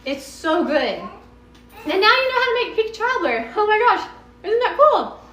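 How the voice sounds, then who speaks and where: Texan woman, live cooking chat, bubbly, lively swooping voice, echoey room. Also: very high-pitched, normal speed, soft background music. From Texas. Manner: chatty, bubbly, meandering, talks to viewers. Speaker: home cook hosting a live stream.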